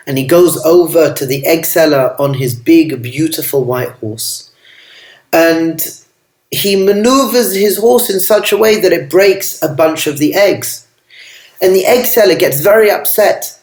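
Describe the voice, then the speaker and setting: A man, a rabbi, telling a family story as a gentle, affectionate sermon that mixes in Hebrew and Yiddish terms. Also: on the high side, normal speed. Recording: roomy echo.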